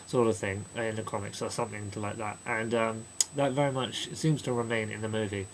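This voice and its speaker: A man giving a casual spoken film review, rambling and chatty, slipping into quick mocking impressions of characters. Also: fairly low pitch, fairly even intonation, slight background noise, rough recording. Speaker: movie reviewer.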